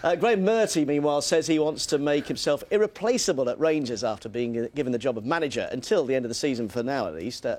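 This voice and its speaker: Man reading sports news. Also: fairly high pitch. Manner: brisk read with light banter. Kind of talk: breakfast TV sports bulletin.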